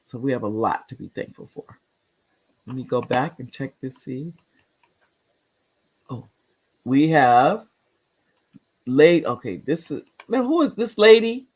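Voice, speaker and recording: A woman's voice: extremely low pitch, darkish tone, breathy edge. A middle-aged woman hosting a casual live talk show, chatty and rambling as she reads viewer comments, laughing often.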